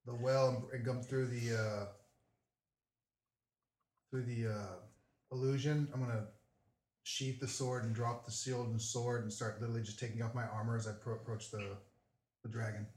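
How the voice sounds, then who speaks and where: A man playing a tabletop game, describing his character's actions haltingly with many fillers. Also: mid-range voice, level tone, darkish tone. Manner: halting, searching for words. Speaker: player. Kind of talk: tabletop role-play. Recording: echoey room.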